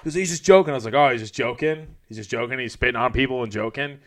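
A man's voice: medium pitch, fast talker, a bit bright. A man in casual chat telling a story loosely, full of fillers like "like".

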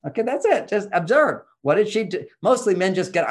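A man's voice: sits high, very animated, fairly quick. A man explaining relationship advice in an interview, emphatic and teacherly, pushing his voice up on key points.

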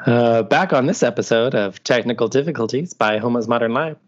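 A man's voice: medium pitch, fairly quick, faint music behind. A man co-hosting a podcast over a video call, recapping an episode in casual, profane, joking chat and acting out the characters' lines. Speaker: podcast co-host. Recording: dull lo-fi audio.

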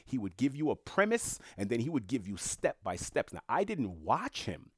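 A man's voice: medium pitch, very animated, normal speed, husky, no echo, studio quality. A man giving a blunt, emphatic monologue, often repeating words for stress. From Haitian family. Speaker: commentator. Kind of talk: casual monologue commentary.

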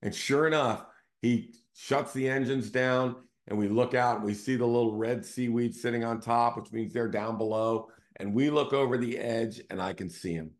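A man's voice: mid-range voice, moderate pace, hardly any pauses. A man hosting his own show, talking in a casual, conversational storytelling way and often checking in with his listeners. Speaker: real estate team CEO hosting a show.

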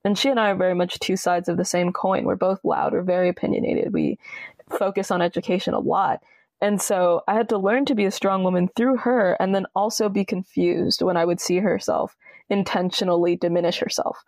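A young woman talking casually and passionately as a podcast guest, with emphatic, expressive delivery. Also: lowish voice, fairly quick, dry recording. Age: young adult. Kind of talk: casual conversation.

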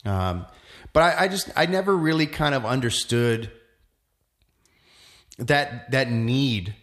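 A man who works as a musician and actor, musing in casual chat with lots of pauses and restarts. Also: mid-range voice, expressive, a bit bright. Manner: reflective, rambling, many fillers and restarts.

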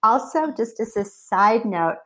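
A middle-aged woman, a company founder and guest, telling family stories in an animated, conversational way. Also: fairly high pitch, unhurried. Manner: lively, animated storyteller with laughs. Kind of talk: conversational storytelling.

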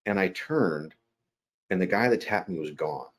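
A man, an actor and guest, telling a personal story in conversation, animated and acting out his quotes. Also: low voice, normal speed. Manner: animated, acts out quotes in raised voice. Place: New York.

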